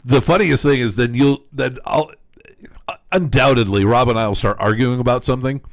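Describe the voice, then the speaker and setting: Male podcast co-host, medium pitch, relaxed and agreeable, anecdotal. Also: normal speed, dry recording, clean studio sound. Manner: easygoing, agreeable, short affirmations. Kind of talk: casual chat.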